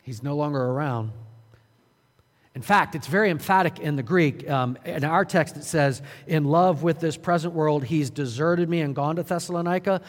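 A man preaching a sermon, earnest and urgent, swinging from loud emphasis to quiet, low moments. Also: normal speed, in a large hall. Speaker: pastor.

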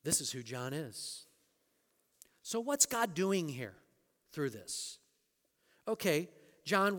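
A man preaching a sermon as pastor, rising to emphatic scripture quotes and dropping to quiet asides. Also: high voice, big-room sound.

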